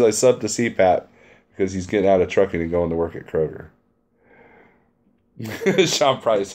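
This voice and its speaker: A male truck driver talks loosely to his live-stream viewers, reading their comments aloud and answering them head-on. He is blunt and chummy, and he laughs easily between remarks. His voice sits at an ordinary middle pitch for a man. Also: a little mellow. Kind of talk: casual live-stream chat.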